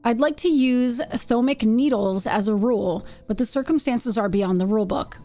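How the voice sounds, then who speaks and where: Chatty woman streamer, slightly high voice. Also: moderate pace, warm tone, soft background music. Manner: chatty and playful, reads game text aloud. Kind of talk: casual live game-stream chat.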